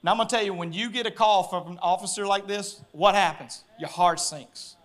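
A man, preaching a sermon as pastor and telling a story with lively acted-out voices. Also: high-pitched, a little fast. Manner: animated storyteller, acting out voices, laughing.

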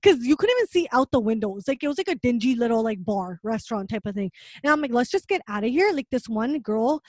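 A young woman telling a story in casual chat, animated and full of fillers, acting out what people said. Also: a little high, quick pace, no echo. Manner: animated storytelling with many fillers and acted-out quotes.

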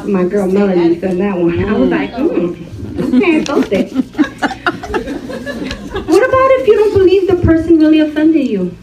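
A woman's voice: a little high, fast, hardly any pauses. A woman preaching a sermon to a women's gathering, laughing often and calling for responses from the crowd. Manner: animated, laughing, call-and-response. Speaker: women's ministry speaker. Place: church hall. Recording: roomy hall, distant mic, audience.

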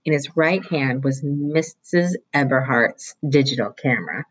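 A teacher reads a novel chapter aloud to students in a steady storytelling way. The voice is husky, with a medium pitch. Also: unhurried, poor audio.

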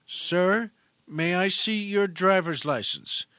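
A man's voice: high voice, takes it slowly, pushed and bright, no echo, clean studio sound, exaggerated voice. Man doing a stern, formal police captain.

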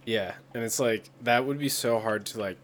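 A man's voice: medium pitch, moderate pace, a little hiss or hum. A man from the United States in a casual chat, rambling with many fillers.

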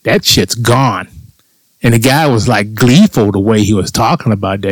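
A man with a low voice rants through a personal story, crude and sarcastic, swearing at every turn. He talks casually on his own show. The sound is dry and close, with no room around it. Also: normal speed, breathy edge, no room sound, poor audio. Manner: swears often. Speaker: podcast host. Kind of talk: casual profane monologue.

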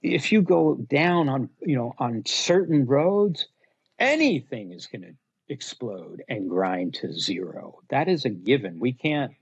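Gravelly, husky man telling blunt stories. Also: medium pitch, measured pace, dry recording, dull audio. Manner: blunt, animated storyteller acting out customers. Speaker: guest, luggage company owner. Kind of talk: casual podcast interview.

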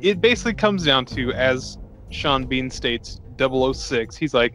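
A man's voice: mid-range voice, animated, moderate pace, music in the background. A man casually recapping a movie on a podcast, crude and jokey, putting on silly voices now and then. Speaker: podcast co-host.

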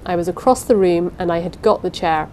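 A woman's voice: on the low side, brisk, darkish tone, a little hiss or hum, poor audio. Woman narrating a suspenseful story. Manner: dramatic, suspenseful reading. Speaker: audiobook narrator. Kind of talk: scripted first-person narration.

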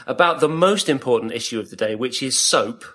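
A man's voice: mid-range voice, brisk. A man from England co-hosting a podcast, joking and rambling in casual chat. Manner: animated, joking, rambling storyteller. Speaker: podcast co-host.

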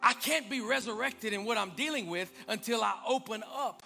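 A male pastor with a very high, gravelly voice preaching a sermon in a church. His tone is bright and forceful, rising into emphatic swells and falling to quiet asides, with faint music underneath. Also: normal speed. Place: church sanctuary.

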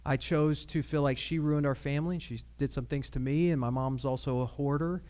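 A man preaching a sermon with personal testimony, earnest and measured, with pauses and fillers. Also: mid-range voice, steady tone, a little mellow. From Michigan.

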